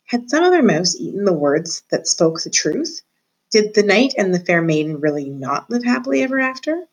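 A woman teacher reading a children's book aloud to her students in a clear, expressive, measured way. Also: medium pitch, low-quality recording.

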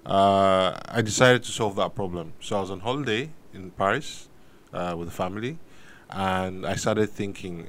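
A man, a guest in a studio, telling the story of how he founded his business in a relaxed, measured way. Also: fairly low pitch. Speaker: guest, sneaker company founder. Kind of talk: interview storytelling.

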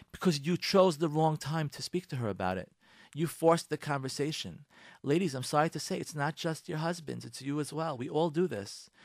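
Animated man lecturing on marriage. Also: fairly high pitch, no echo, studio quality. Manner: animated, acts out both spouses in quotes, lectures the listener directly. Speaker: radio host giving marriage advice. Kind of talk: direct-address advice talk.

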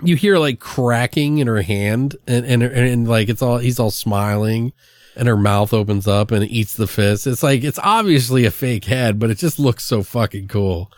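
A man's voice: medium pitch, moderate pace, no room sound, clean studio sound. A man casually recapping a horror movie on a podcast, swearing often, quoting lines from it and cracking himself up. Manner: profane, animated storytelling with quoted character lines and big laughs.

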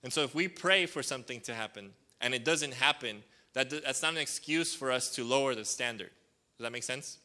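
A man giving a relaxed sermon in a strikingly bright, forceful tone. He talks in loose, rambling sentences full of fillers and checks in with his congregation for agreement. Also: mid-range voice, fairly quick. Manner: calls for responses from the congregation. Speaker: pastor. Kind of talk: casual conversational sermon.

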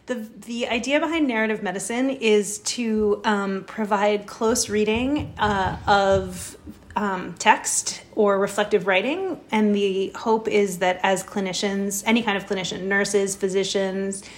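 A woman doctor speaking as a guest in a casual interview, calm and measured with hesitant fillers. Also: medium pitch.

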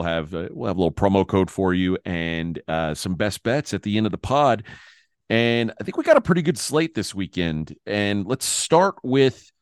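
A man's voice: fairly low pitch, dry recording, clean studio sound. A man hosting a sports betting podcast, talking in a loose, rambling way and often correcting himself. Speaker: podcast host. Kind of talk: casual sports betting chat.

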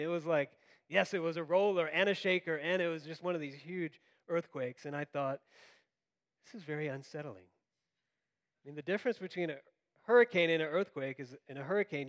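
A man who grew up in Florida, preaching a sermon as pastor and acting out quotes in an animated storytelling manner. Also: fairly high pitch, moderate pace.

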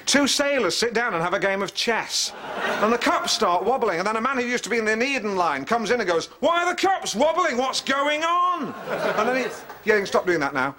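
An actor playing a pompous, excitable middle-aged TV host in a sitcom, retelling a film scene with squeaky exclamations. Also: male voice, brisk, slight background noise, full character voice. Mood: excited retelling. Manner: animated storytelling, squeaky exclamations. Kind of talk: TV sitcom acting.

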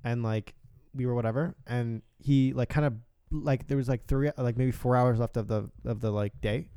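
A young man co-hosting a podcast, telling animated stories full of swearing and loud outbursts. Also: medium pitch, moderate pace, clear, resonant tone, no echo, studio quality. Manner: animated storytelling, heavy swearing, voices outbursts loudly. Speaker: podcast co-host. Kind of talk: casual chat.

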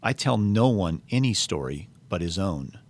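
A majestic, calm lion speaks with quiet authority in a storybook reading, as a man puts him on. The delivery is slow and measured, in a lowish voice. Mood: solemn.

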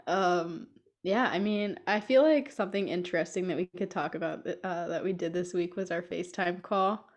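A woman's voice: fairly low pitch, normal speed, highs cut off. A young woman co-hosting a casual podcast chat, telling stories and laughing often. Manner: laughs often, chatty and storytelling. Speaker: podcast co-host.

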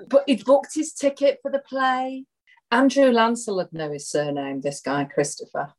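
Woman telling lively anecdotes. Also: a little high, normal speed, rough recording. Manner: lively storyteller, quotes people. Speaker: actress guest. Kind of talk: anecdotal casual chat.

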